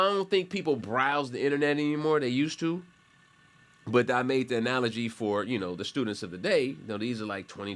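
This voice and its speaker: A man's voice: mid-range voice, fairly bright tone. A male college instructor explaining a topic casually while clicking through websites, with a rambling, conversational delivery full of asides and self-corrections. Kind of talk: casual classroom explanation while screen sharing.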